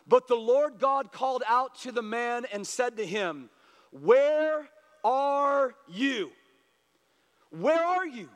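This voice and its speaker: A man preaching a passionate sermon as pastor, building to loud, urgent appeals to his congregation. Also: very high-pitched, expressive, unhurried, hardly any pauses. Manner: impassioned, rising to shouted appeals. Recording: long hall reverb.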